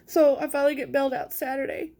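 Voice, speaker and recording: Indignant fast-talking woman, slightly high. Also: a little mellow. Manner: frustrated, indignant, fast and emphatic. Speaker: mother telling her own story. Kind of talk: personal account to camera.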